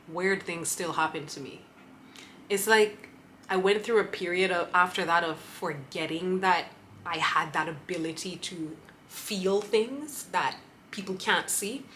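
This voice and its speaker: A young woman vlogger telling a personal story to camera, animated, often laughing and backtracking. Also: lowish voice, slight background noise. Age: young adult.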